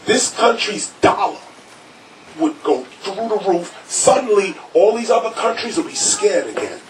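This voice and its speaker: A man's voice: sits high, big pitch swings, normal speed. A man, a rapper speaking to a live crowd in a record store, emphatic and preachy, raising his voice to hammer points home. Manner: preachy, emphatic, shouting for stress. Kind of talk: animated public talk to a crowd. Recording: noisy, distant crowd recording.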